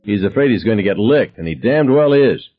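A contemptuous, short-tempered father with a low, husky voice, as a man reads him. He speaks curtly and deliberately, full of scorn. The storybook recording sounds dull and lo-fi. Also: lively intonation. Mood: scornful.

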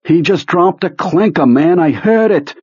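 A man voicing a frightened, excitable grown man with a ragged, high voice in an audiobook. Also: measured pace, husky, no echo, lo-fi sound, full character voice. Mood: indignant. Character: excitable panicky adult man, frightened friend. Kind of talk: audiobook character voice.

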